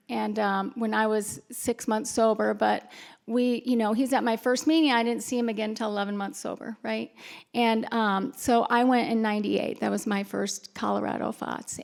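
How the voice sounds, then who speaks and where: Woman speaker at a retreat, fairly high voice with some vocal fry, tells personal stories candidly and laughs at herself. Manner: candid, self-mocking storyteller with frequent laughs and fillers. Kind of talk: personal talk to an audience. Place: retreat conference hall.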